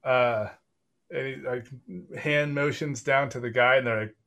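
A man's voice: mid-range voice, fairly even intonation, a little slow, bright, forceful tone. A young man narrating as game master in a casual, laughing manner, acting out bits of the figures.

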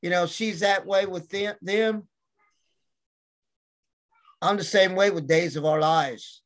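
This podcast guest is a man with a high-sitting, slow voice. In casual chat he tells rambling stories, acting out what people said.

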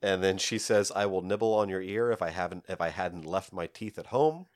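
Low-voiced man, dry and animated. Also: fairly quick, no room sound. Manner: animated, giggly, trails off with filler words. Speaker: podcast co-host. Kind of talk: casual chat about comics.

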